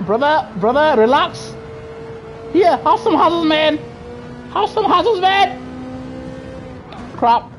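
A woman doing live racing gameplay commentary, excitable and trash-talking other drivers, bursting into shouts. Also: high voice, slow pace, pauses often, faint music behind. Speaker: gaming streamer.

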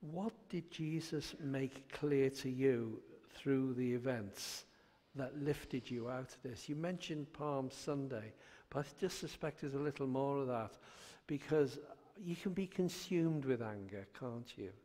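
A man hosting an interview, asking measured, reflective questions. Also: medium pitch, dark tone. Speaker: interviewer host. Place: church. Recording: long hall reverb.

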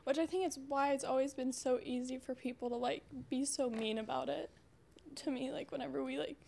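A young woman co-hosting a podcast in casual chat, talking in a halting, soft way with many fillers. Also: sits high, fairly even intonation, gravelly, slight background noise. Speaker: podcast co-host.

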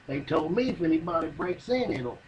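A man's voice: a little high, big pitch swings, brisk, dull audio, over a noisy crowd. A man telling a rambling, profane comic yarn in folksy, drawling speech. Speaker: comedian telling a story. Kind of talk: stand-up comedy monologue.

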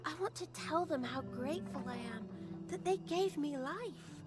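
A sweet orphan girl in a video game, with a high, light voice that stays polite and wistful as she speaks in quaint, old-fashioned phrases. Music plays behind her. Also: expressive, moderate pace. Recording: game audio under background music.

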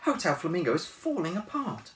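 A man voicing a determined young woman who has taken over a run-down hotel, speaking in a brisk, indignant and bossy way in a storybook reading. He is recorded in a roomy space from a distance, with faint hiss behind him. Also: high-pitched, wildly swooping pitch, fairly bright tone, pitched above the performer's own voice, full character voice.

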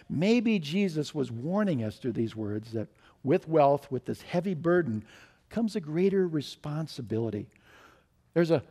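In the sanctuary of a church, a pastor delivers a sermon in a fairly high voice with a darkish tone. Earnest throughout, he shares stories and asks the congregation questions, pressing them to pay close attention.

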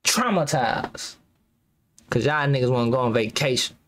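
A man's voice: mid-range voice, animated, normal speed, noisy background. A young man giving rambling, slangy reaction commentary as a YouTuber, laughing nervously between remarks.

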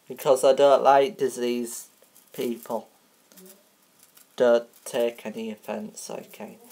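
A woman with an unusually deep voice playfully hosts a mock TV show, talking slowly. She rambles, jokes and teases, slipping into sing-song and leaning on filler sounds. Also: warm tone. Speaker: show host.

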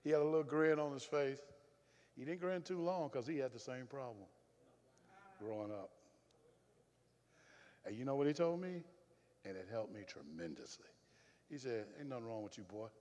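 A man with a Southern US accent preaching a sermon as pastor, telling folksy stories and swinging between loud firm emphasis and low confiding asides. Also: lively intonation, moderate pace, pauses often, lo-fi sound. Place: church sanctuary. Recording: reverberant church hall.

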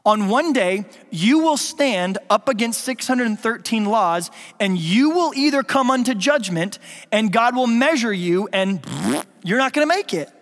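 A man's voice: sits high, expressive, unhurried, fairly bright tone. A man preaching a sermon as pastor, playful and quizzing the congregation with questions. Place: church sanctuary. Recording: long reverb of a church hall.

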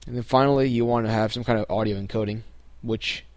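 Speaking quickly in a lowish voice with no echo, a young man casually guides viewers through a step-by-step computer tutorial he's screen-recording. He's relaxed and often says um or starts his sentences over.

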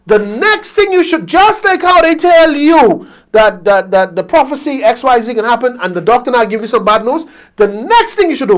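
A man preaching a sermon with blunt, folksy phrasing and a stream of rhetorical questions, swinging between loud, high passages and low, hushed ones. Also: very animated, moderate pace. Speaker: pastor.

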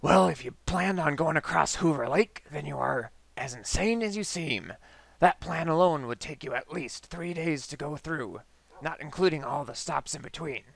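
A man voicing a ruthless male mad scientist in a game story, with a raspy, put-on voice and grand, formal speech. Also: fairly high pitch, lively intonation, moderate pace, a bit bright, dry recording, heavily acted. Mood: scheming. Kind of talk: reading a game's story aloud in a put-on voice.

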